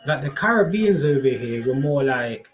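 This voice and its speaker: A man's voice: medium pitch, lively intonation, normal speed, faint music behind. A man chatting casually on a live stream, slangy and rambling, swearing freely.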